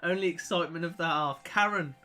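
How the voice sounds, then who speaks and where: A man with a Birmingham accent hosts a casual football watch-along stream. His voice is bright and forward and sits a little high for a man. He chats and jokes and reels off scores in quick lists. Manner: chatty and jokey, reads out scores in quick lists. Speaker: football live-stream host.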